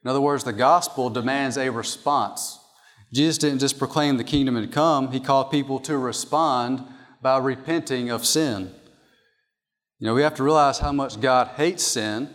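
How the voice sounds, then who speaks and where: A man's voice: medium pitch, normal speed, a bit bright. Man preaching in a reverberant hall. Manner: emphatic, repeats key points. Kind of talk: sermon teaching from an outline.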